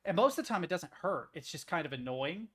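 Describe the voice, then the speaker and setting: A man's voice: on the high side, very animated, brisk, breathy edge. A young man streaming, chatting casually and reacting to articles, swearing freely and rambling through stories. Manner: profane, rambling, easily amused.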